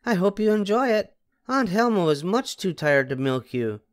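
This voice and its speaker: An older man voicing an eager little girl who speaks in a bright, chirpy way. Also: high-pitched, very animated, normal speed, voice pushed up. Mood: cheerful.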